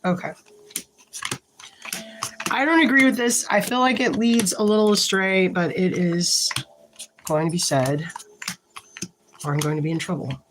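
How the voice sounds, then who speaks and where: Slow-talking lady doing a tarot read at her desk, frank, a bit low, light hiss on the mic. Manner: slow, halting, thinks aloud while shuffling and pulling cards; frank and a little irritated, with short laughs. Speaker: tarot reader. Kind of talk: casual tarot reading to camera.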